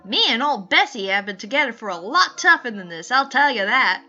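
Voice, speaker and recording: A woman's voice: fairly high pitch, very animated, brisk. A woman voicing a cheerful, folksy old male truck driver in a put-on Southern US accent. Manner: folksy, drawling, friendly. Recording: slightly muffled, faint music behind.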